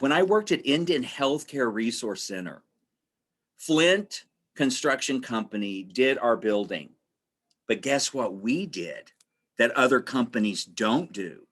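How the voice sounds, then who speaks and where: Animated man presenting a webinar. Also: on the high side. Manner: animated storytelling, acts out quoted voices; repeats phrases for emphasis. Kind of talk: conversational presentation.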